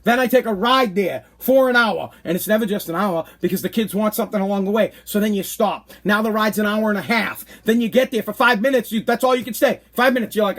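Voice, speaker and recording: A man, hosting a podcast with an animated, exasperated rant. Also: very high-pitched, a little fast. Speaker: podcast host. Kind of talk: casual ranting monologue.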